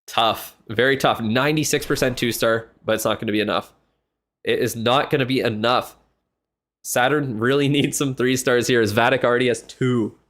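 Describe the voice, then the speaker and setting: In easygoing, chatty live play-by-play, a streamer commentates a match with an everyday mid-range pitch. He pounces on every development with quick, excited reactions, letting slip a casual swear here and there.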